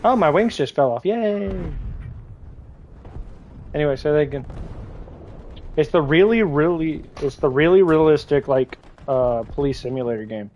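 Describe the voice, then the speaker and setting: A man with a somewhat high voice chats loosely to his viewers as he plays, drifting from joke to joke. He rambles and restarts as the game pulls his focus. A faint hum sits under his voice. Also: moderate pace, darkish tone, low-quality recording. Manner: rambling, joking, talks to chat while playing. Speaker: gaming livestreamer. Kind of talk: casual live gameplay chat.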